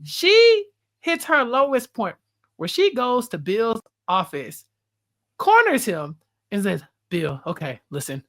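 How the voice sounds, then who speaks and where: A woman co-hosting a casual podcast about a TV show, talking in an animated way and acting out scenes. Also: fairly high pitch, slow pace. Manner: animated, reenacts scenes and talks back to the show. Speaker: podcast co-host. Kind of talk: casual pop-culture chat.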